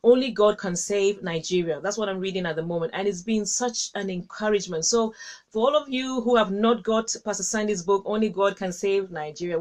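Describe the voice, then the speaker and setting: A woman hosting a live stream, chatting casually with viewers in an effusive, affectionate way, laughing often and leaping up in pitch. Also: a little fast. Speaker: host of a live-streamed encouragement session.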